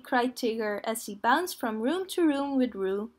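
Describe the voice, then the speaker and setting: Slow gentle woman reading a children's story. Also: a little high, expressive.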